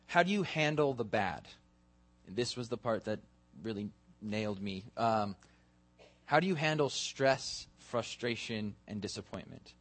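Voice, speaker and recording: A man's voice: lowish voice, fairly bright tone. A man preaching a sermon in a church, asking his congregation earnest questions. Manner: earnest questioning, building to a led prayer. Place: church sanctuary.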